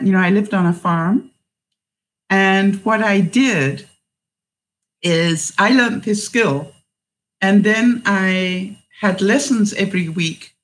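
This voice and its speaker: A woman's voice: mid-range voice, poor audio. A woman hosting a casual livestream, chatting in a rambling way, laughing often and reading out viewer comments.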